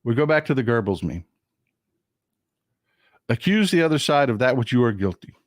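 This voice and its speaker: Still recovering from a cold, a Texan man hosts a political commentary livestream, sounding indignant and animated, with a widely swinging pitch and repeated phrases for emphasis. He speaks at a moderate pace into a desk mic at his computer, and the sound is dry and close with no room echo.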